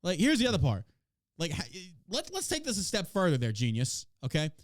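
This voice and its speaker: Man, podcast host, brash, mocking, profane, very animated, dry close sound. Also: on the high side, brisk, no room sound. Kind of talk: casual chat reacting to news.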